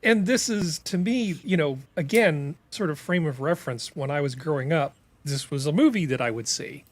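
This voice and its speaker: A man's voice: on the high side, normal speed, dry recording. A middle-aged man, a podcast guest, rambling through his points with many fillers and restarts. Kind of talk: casual political chat.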